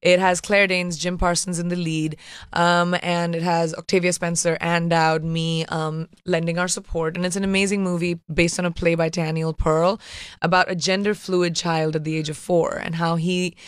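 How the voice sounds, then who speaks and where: A woman's voice: fairly low pitch, level tone, normal speed, smooth, no echo, clean studio sound. Emphatic woman with an Indian accent. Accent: modern Indian English. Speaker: interview guest, actor. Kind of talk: radio interview chat.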